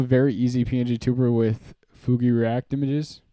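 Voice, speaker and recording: A man's voice: medium pitch, flat delivery, moderate pace, few pauses, warm tone, dry recording, studio quality. A young man hosting a live stream, chatting casually in a rambling, joking way and often laughing. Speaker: streamer host.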